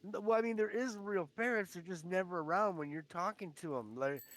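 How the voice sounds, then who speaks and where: Gamer guy on discord, kinda high voice, rambling and teasing his buddy. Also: a little fast, fairly bright tone. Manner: rambling and teasing, lots of filler words. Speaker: streamer. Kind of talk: casual gaming chat. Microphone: online voice chat.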